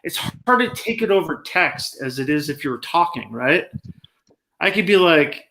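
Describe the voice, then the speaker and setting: A man with a slightly higher voice talks casually on a live stream. He rambles through stories with a sarcastic, animated streak. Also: measured pace.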